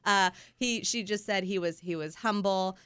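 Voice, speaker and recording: A woman's voice: medium pitch, moderate pace, fairly bright tone, clear, resonant tone, no room sound. Woman, radio host, chatty, laughs a lot, dry close studio mic. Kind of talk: casual chat about books. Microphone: studio microphone.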